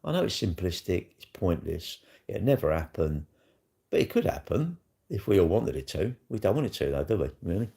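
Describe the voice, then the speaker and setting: A man's voice: deep voice, sing-song, a little fast, creaky, mellow. A middle-aged man, rambling bluntly and crudely in a casual livestream chat, tossing in tag questions as he answers comments. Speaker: livestream host.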